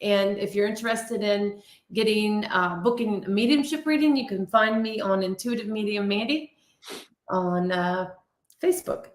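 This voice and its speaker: Friendly woman in an echoey room. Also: mid-range voice. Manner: friendly, thankful, a bit halting. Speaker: podcast guest and medium. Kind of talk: casual chat.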